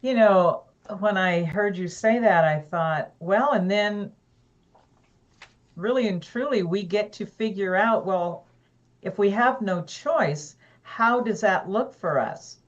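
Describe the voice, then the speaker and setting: A woman co-hosting a casual talk show, earnest and reflective, unhurried. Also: medium pitch, muffled recording. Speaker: co-host. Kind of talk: casual chat.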